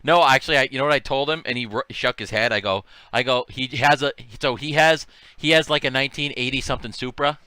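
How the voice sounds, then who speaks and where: A man's voice: mid-range voice, fast, pushed and bright, smooth, no echo. A man co-hosting a card break livestream, telling jokey stories and laughing often in casual chat. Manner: joking storyteller, laughs often.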